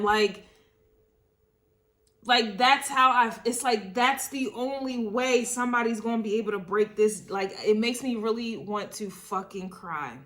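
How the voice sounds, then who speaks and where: A woman's voice: a little high, a bit bright. A woman giving a casual tarot reading, talking emotionally and repeating herself as she thinks aloud. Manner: casual, uses swear words. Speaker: tarot reader.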